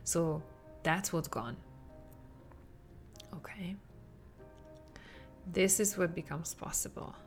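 Gravelly-voiced woman podcast host. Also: on the low side, measured pace, few pauses, soft background music. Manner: animated, acts out quotes with laughs. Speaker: podcast host, parenting coach. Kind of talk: podcast monologue.

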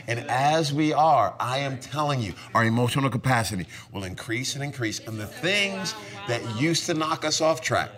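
A man preaching a sermon with passion, his voice rising to shouts at its peaks. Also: mid-range voice. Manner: impassioned, building to shouts. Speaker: pastor. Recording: crowd audible behind.

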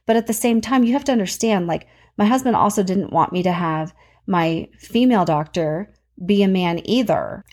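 A woman in her thirties hosting a podcast, chatting casually about her week in an animated storytelling voice that jumps up in pitch when she gets excited. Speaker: podcast host.

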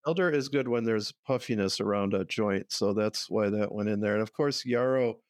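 An older man, a guest herbalist, telling stories in a relaxed way and often laughing. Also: fairly low pitch, normal speed, no room sound, studio quality. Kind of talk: conversational interview.

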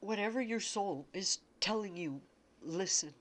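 A woman giving an unscripted spiritual talk, tearful and emotional, speaking haltingly and repeating herself. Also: mid-range voice, animated.

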